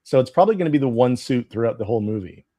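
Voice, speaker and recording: A man's voice: medium pitch, expressive, rapid-fire, mellow, no room sound. Rambling man co-hosting a chat. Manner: hesitant, rambling, lots of ums and restarts. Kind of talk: casual chat.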